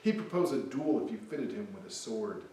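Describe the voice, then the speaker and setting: Man reading a blunt, exasperated Aussie figure, mocking, mid-pitched, far from the mic in a very echoey room. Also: big pitch swings, a little fast, warm tone, a little hiss or hum, natural voice. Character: blunt exasperated Australian man scolding Americans. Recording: echoey hall, mic from afar.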